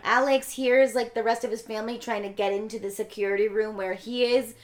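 A woman chatting casually on a podcast, retelling a movie plot with a relaxed, chatty delivery. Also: a little high, fairly quick. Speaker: podcast co-host. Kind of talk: casual movie recap chat.

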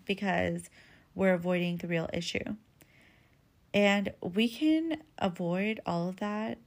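A woman's voice: fairly low pitch, gravelly. A woman hosting a podcast, giving relationship advice in a candid, casual monologue that is full of swearing and "like" fillers. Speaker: podcast host.

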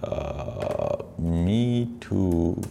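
A podcast host with a low, creaky voice talks very slowly over some background noise. He reacts to video clips with profane, mocking commentary and animated asides.

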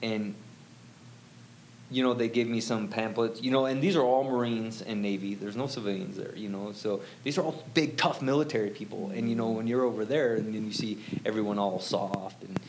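A man's voice: on the low side, steady tone, normal speed, a little hiss or hum. A middle-aged man telling a personal story as an interview guest, rambling and full of "you know" fillers.

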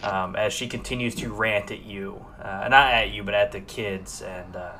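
A man's voice: lowish voice, fairly even intonation, normal speed, bright, forceful tone, a little hiss or hum. A man narrating as game master of a tabletop game, loose and rambling with many fillers.

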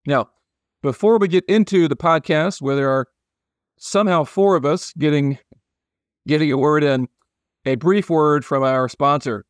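A man's voice: on the high side, unhurried, long pauses, no echo, clean studio sound. A man hosting a podcast, joking and rambling with frequent restarts in casual chat. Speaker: podcast host.

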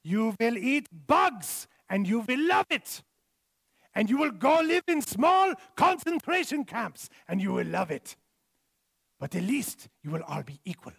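A male preacher doing a mocking impression of a cold, commanding German-accented elite man who hands out slow, pompous decrees. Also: very high voice, very animated, vocal fry, fairly bright tone, breathy edge, pitched above the performer's own voice, heavily acted. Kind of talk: sermon impression.

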